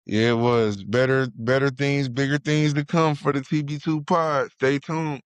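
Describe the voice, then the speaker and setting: A man's voice: medium pitch, fairly even intonation, a little slow, smooth, dry recording. Hyped slangy male podcast co-host. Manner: hyped, slangy, playful shout-outs. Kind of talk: casual wrestling podcast chat.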